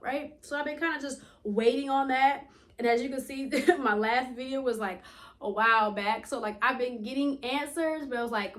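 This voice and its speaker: Animated young woman rambling in a vlog. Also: fairly high pitch. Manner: animated storytelling, acting out quoted dialogue; laughs often while talking. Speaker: YouTuber. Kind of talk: casual rambling vlog talk. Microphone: wireless earbuds.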